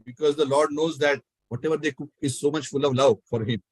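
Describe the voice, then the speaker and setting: A man telling a devotional story in a talk, animated and acting out the characters. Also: fairly high pitch, brisk, breathy edge, no room sound, rough recording. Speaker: spiritual speaker.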